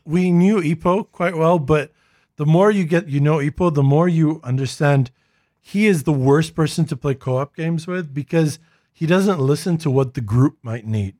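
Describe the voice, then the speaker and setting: A man with a slightly high voice talks casually on a podcast. He explains the rules plainly and tells wry stories about a fellow player. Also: normal speed, darkish tone. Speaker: podcast co-host. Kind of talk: casual chat.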